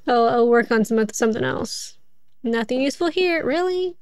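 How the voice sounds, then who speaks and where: A woman's voice: fairly high pitch, lively intonation, moderate pace, clear, resonant tone, no echo. A woman streaming a game, chatting casually as she plays, thinking aloud and laughing often. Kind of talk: casual gameplay commentary.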